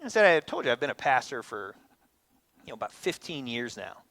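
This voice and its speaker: A pastor in his thirties giving a conversational sermon, acting out quotes with lively energy. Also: mid-range voice, a little fast, dry recording. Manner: conversational, animated, acts out quotes.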